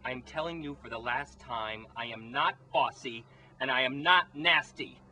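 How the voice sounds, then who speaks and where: A man's voice: medium pitch, moderate pace, bright, forceful tone, low-quality recording. A man playing a bossy, pushy female documentary filmmaker with a grating voice, in an amateur comedy spoof. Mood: indignant. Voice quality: grating, annoying voice. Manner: pushy and snappish, ordering others about.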